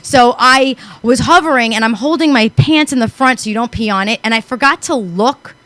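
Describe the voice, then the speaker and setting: A woman co-hosting a casual chat show, telling stories in a profane, animated way. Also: fairly high pitch, moderate pace, no echo. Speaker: co-host.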